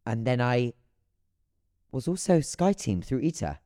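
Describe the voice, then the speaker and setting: A man from London co-hosting a casual chat, talking in a relaxed, measured way. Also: medium pitch, no room sound, clean studio sound. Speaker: podcast co-host. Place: room in Doha, recorded together in person.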